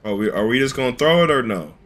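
A man on game voice chat with a bright, forceful edge to his voice. He talks bluntly, scolding and nagging his teammates as they play. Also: mid-range voice, animated, fast. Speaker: streamer playing online basketball game.

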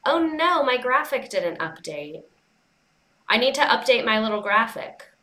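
Bright chatty young woman livestreamer. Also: fairly high pitch, very animated, a little slow, roomy sound. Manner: chatty storytelling with quoted dialogue. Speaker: livestream host. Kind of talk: casual livestream chat.

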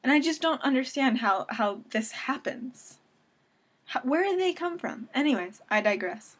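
A woman's voice: sits high, lively intonation, moderate pace, husky. A young woman from Southern California ranting at home into a webcam, sarcastic and self-deprecating. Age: young adult. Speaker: vlogger. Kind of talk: casual webcam rant.

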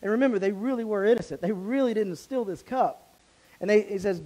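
A man's voice: high voice, brisk, mellow, poor audio. A man, a pastor, preaching a sermon, reading scripture aloud and then commenting on it in a casual, conversational way. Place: church sanctuary.

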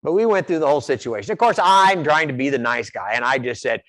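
A man from Iowa preaches in a church, spinning folksy personal stories. His pitch swings widely as he tells them. The sound is dry and close. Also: fast, hardly any pauses, no echo. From Iowa, USA. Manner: folksy storytelling, animated, repeats words. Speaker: pastor. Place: church sanctuary.

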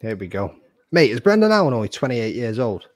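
A man's voice: mid-range voice, big pitch swings, a little fast, dry recording. A man hosting a podcast, chatting casually with sweary, teasing banter. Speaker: podcast host. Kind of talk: casual watch-along chat.

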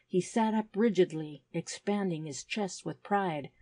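Low-voiced woman narrating a storybook. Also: no room sound. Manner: even, measured reading. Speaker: audiobook narrator.

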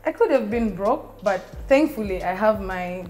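A woman's voice: mid-range voice, animated, normal speed, darkish tone, faint music behind. A woman, co-hosting a podcast in casual, teasing chat and laughing often. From Uganda. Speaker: podcast co-host.

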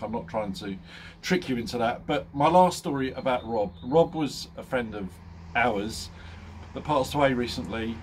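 A man's voice: mid-range voice, a little mellow, slight background noise. A man vlogging casually, telling a funny story with lots of ums and laughing often. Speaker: motorcycle vlogger.

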